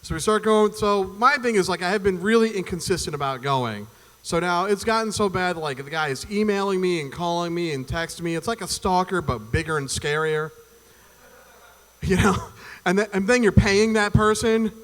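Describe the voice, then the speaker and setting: A man working an open mic stand-up set in a performance venue, his voice bright and a little high. He rambles loosely, swears freely and slips into quick acted-out voices. A long hall reverb trails every line from the stage mic. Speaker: stand-up comedian. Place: performance venue stage before a live audience.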